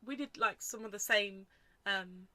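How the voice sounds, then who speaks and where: A woman's voice: medium pitch, measured pace, bright, forceful tone, no room sound. A woman in her twenties co-hosting a podcast, chatty and teasing, laughing often. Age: 20s. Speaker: podcast co-host. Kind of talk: casual chat.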